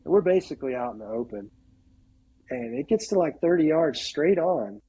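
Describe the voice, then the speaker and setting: A middle-aged man on a podcast tells a hunting story in a casual, animated way, acting out what each person said. His voice is mellow and dark, with a husky edge. He keeps filling his sentences with "like" as he goes. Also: on the high side, moderate pace, muffled recording. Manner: animated storyteller, acts out quotes, heavy use of "like". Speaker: podcast guest.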